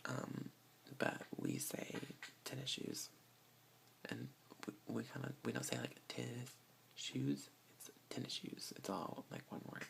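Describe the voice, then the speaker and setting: Gravelly whispering ASMR voice. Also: medium pitch. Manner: whispers, with soft breathy laughs. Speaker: ASMR creator. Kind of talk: soft-spoken ASMR.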